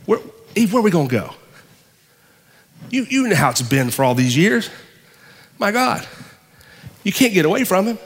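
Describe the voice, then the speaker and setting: A frightened Adam pleads in a stammering, anxious way, as a male preacher acts him out. His voice sits fairly high and echoes with a long hall reverb. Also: sing-song, normal speed, long pauses. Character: Adam, a frightened young first man.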